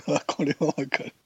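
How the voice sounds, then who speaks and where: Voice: medium pitch, slightly rough, dry recording, dull audio. A podcast co-host in casual chat who mostly gives short replies and murmurs, and laughs at the jokes. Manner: brief replies, lots of "hmm", laughs.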